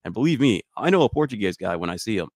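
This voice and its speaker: A man's voice: fairly low pitch, very animated, racing, darkish tone, no room sound, studio quality. A young man co-hosting a comedy podcast, telling a story in a laid-back way and correcting himself. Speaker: podcast co-host. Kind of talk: casual storytelling chat.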